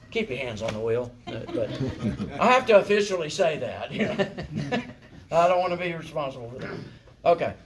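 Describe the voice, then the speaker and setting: A man's voice: a little high, noisy background. A man teaching a song-leading class in a folksy, encouraging way, often checking in with "right?" and "okay?". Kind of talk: congregational singing lesson.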